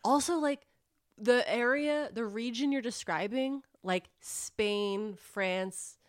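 A woman's voice: on the high side, slow. A woman co-hosting a podcast, reacting with short quips and joking asides in casual chat. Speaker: podcast co-host.

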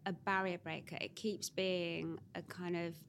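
A woman's voice: on the low side, flat delivery, measured pace. Woman podcast host gushing over her guest, some faint hiss behind. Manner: warm, effusive praise. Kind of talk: interview wrap-up.

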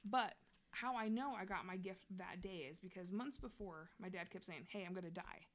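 A woman's voice: mid-range voice, moderate pace. A young adult woman telling a personal story in casual chat, candid and slangy, swearing freely.

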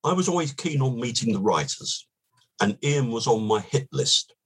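An older man, a podcast guest, telling long anecdotes in an unhurried, relaxed way with a slightly husky voice. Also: medium pitch, poor audio. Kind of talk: relaxed storytelling.

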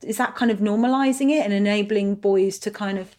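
A woman's voice: mid-range voice, a little fast, darkish tone. A woman, a podcast guest in casual chat, playful and thinking aloud.

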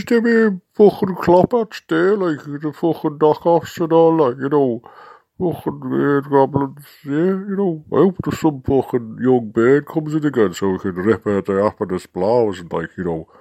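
A man's voice: medium pitch, normal speed, dark tone, no echo, natural voice, poor audio. A man voicing a crude male goblin with a Scouse accent, who rambles and swears as he schemes over knockoff hats. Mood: scheming.

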